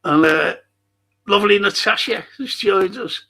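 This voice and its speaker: Older male stream host with a Liverpool accent, gravelly and husky, unhurried, swears and laughs. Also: fairly high pitch, a bit bright. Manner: chatty storyteller, swears freely, laughs at own stories. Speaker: livestream host reading chat. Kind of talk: casual chat.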